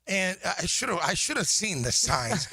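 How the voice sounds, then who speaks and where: A man's voice: sits high, measured pace, a little hiss or hum. A man telling a long, self-mocking story in casual chat on a sports radio show, in a radio studio. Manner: lively, self-mocking storyteller who acts out quotes. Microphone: studio microphone.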